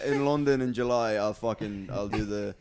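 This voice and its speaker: A man's voice: on the low side, normal speed, over a noisy crowd. A man co-hosting a comedy podcast, talking in a crude, rambling way and laughing often. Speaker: podcast co-host. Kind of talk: casual comedy podcast chat.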